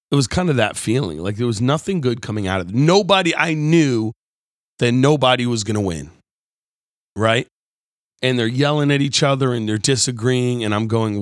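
A man giving a conversational, storytelling sermon as host of his show, moving between quiet reflection and animated retelling. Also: mid-range voice, moderate pace, no echo, clean studio sound. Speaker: pastor. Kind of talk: sermon-style talk.

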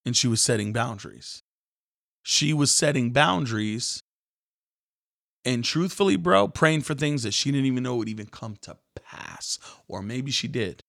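A man hosting a devotional podcast, telling a story in an animated, casual, preacher-like way. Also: mid-range voice, dry recording, clean studio sound. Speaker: podcast host.

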